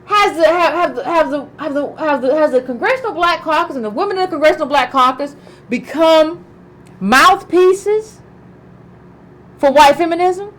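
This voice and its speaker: Woman ranting about politics, high pitched, repeats herself a lot. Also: moderate pace, a bit bright, low-quality recording. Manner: emphatic, repeats herself, asks pointed questions. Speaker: political commentator. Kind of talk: political commentary.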